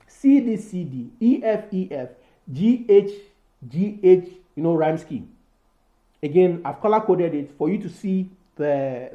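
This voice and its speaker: A man's voice: sits high, warm tone, roomy sound, lo-fi sound. A male teacher explaining poetry form and rhyme schemes, filling his talk with "so" and "you know" and restarting words. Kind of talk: recorded poetry lesson.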